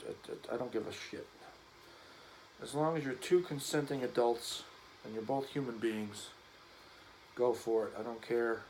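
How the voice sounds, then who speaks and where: A man's voice: medium pitch, a little slow, long pauses, darkish tone, a little hiss or hum, poor audio. A man vlogging casually as he cleans a gun, rambling and joking in an offhand way.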